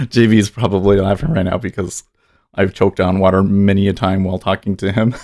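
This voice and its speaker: A man with a very low voice hosts a casual trading livestream. He rambles, teases himself and reads out chat comments in an easygoing, unscripted way. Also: moderate pace, a little mellow, dry recording, clean studio sound. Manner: rambling, self-deprecating, reads chat aloud. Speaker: day trading livestream host. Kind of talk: casual live-stream chat.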